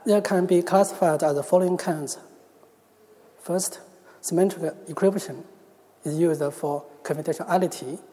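A man from China, speaking English as a second language with a Chinese accent, giving a careful, measured technical talk at a conference. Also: a little high, steady tone, mellow. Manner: careful, measured delivery with small restarts. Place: large conference hall. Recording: long hall reverb.

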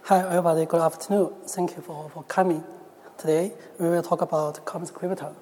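A man from China, speaking English as a second language with a Chinese accent, giving a careful, measured technical talk at a conference. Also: fairly high pitch, flat delivery, warm tone. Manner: careful, measured delivery with small restarts. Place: large conference hall. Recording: long hall reverb.

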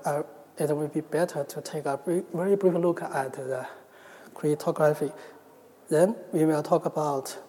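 A man from China, speaking English as a second language with a Chinese accent, giving a careful, measured technical talk at a conference. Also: a little high, mellow. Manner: careful, measured delivery with small restarts. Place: large conference hall. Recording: long hall reverb.

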